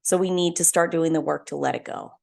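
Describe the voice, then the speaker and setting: A woman's voice: low-pitched, fairly quick, vocal fry, darkish tone. A young woman hosting her own podcast, telling a story in an earnest, heartfelt solo talk. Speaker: podcast host.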